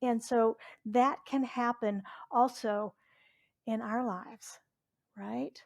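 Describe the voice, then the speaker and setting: A woman's voice: a little high, fairly even intonation, slow pace, vocal fry. A middle-aged woman from Southwest Virginia, preaching a chatty sermon as a reverend and asking the congregation questions. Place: church sanctuary.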